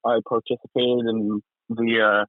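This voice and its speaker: A man co-hosting a podcast in casual chat, excitable, swearing and laughing often. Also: mid-range voice, a little slow, no echo. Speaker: podcast co-host. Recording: tinny phone-like sound.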